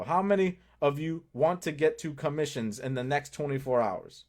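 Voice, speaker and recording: A man hosting a live stream, greeting viewers by name and pitching to them in a hyped, direct way, with sudden drops into low asides. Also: normal speed. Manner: energetic, talks straight to viewers, greets chat by name; swings between loud hype and low asides. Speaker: livestream host.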